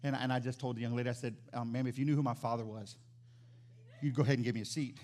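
A man preaching as pastor, animated, swinging from loud exclamations to quiet emphatic lines. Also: medium pitch, fast. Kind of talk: sermon.

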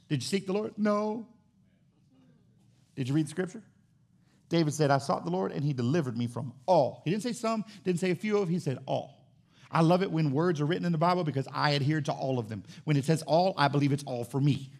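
A pastor preaching with a raised, gravelly voice, sitting high for a man. He moves from quiet reflection to soaring emphasis and voices imagined conversations along the way. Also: lively intonation, a little fast. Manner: preaching with rising intensity, acting out dialogue with God. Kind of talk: sermon.

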